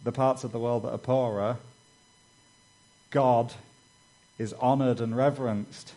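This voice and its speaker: Male preacher, mid-pitched, chatty sermon delivery with lively storytelling. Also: measured pace, rough recording. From Britain. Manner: conversational, frequent "you know" asides; acts out quoted dialogue with raised voice.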